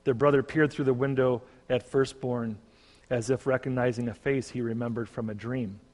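A male pastor telling a parable in a measured, even way. His middle-pitched voice rings with a long reverb. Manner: measured storytelling. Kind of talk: sermon storytelling.

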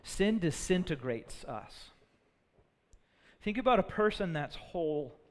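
A man preaching a sermon, earnest, often repeating words as he builds a point and dropping low and quiet for sad moments. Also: lively intonation, takes it slowly. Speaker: pastor. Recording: long hall reverb.

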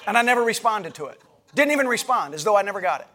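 A middle-aged male pastor with a fairly high voice delivers a sermon in a relaxed, storytelling way. He retells a conversation line by line and often restarts his sentences as he speaks to the congregation. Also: rapid-fire. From United States. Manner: conversational preaching, retelling dialogue with frequent restarts.

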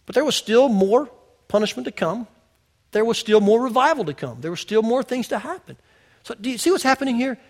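A male pastor preaching a sermon in a conversational way, telling personal stories straight to the congregation and swinging from loud to hushed. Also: very high-pitched, lively intonation, a little fast. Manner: personal storytelling, addressing the congregation directly.

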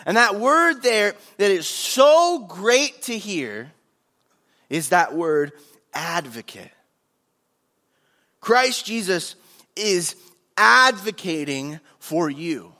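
A man's voice: sits high, big pitch swings, slow pace, pushed and bright. A man preaching a sermon, earnest and emphatic, driving points home through repetition.

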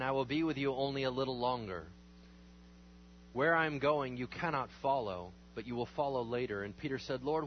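A man preaching as a pastor, praying over communion and reading scripture aloud, rising loud and high on emphatic lines and dropping to low murmurs. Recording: slightly dull recording with faint hum.

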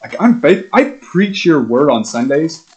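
A man's voice: a little high, big pitch swings, a little slow, darkish tone, poor audio. A middle-aged man, a pastor, preaching a conversational sermon with probing questions and frequent fillers.

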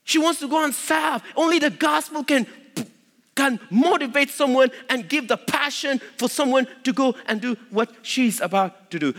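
A man preaching a sermon as pastor, emphatic, with loud stresses that drop to low asides. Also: normal speed. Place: church sanctuary. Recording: long reverb of a large hall.

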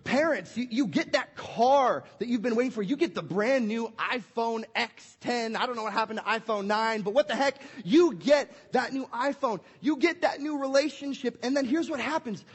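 A young pastor gives a family sermon in a very high, husky voice. He is playful and energetic, slipping into little acted scenes. The church hall lends it a long, echoing reverb. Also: normal speed, hardly any pauses, highs cut off.

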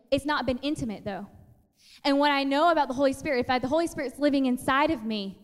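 A woman's voice: sits high, quick pace. Chatty woman preaching in an echoing hall. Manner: chatty, animated storytelling with acted-out quotes. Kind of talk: casual sermon.

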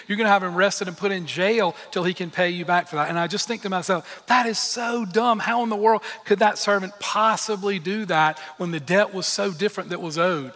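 Bright-voiced male pastor preaching in a reverberant hall. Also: sits high. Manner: earnest, emphatic preaching with candid personal asides. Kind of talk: sermon.

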